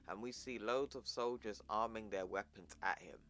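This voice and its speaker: A man's voice: on the low side, moderate pace, few pauses, pushed and bright. Casual man recapping a comic. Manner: casual, slangy storytelling. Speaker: comic book recap YouTuber.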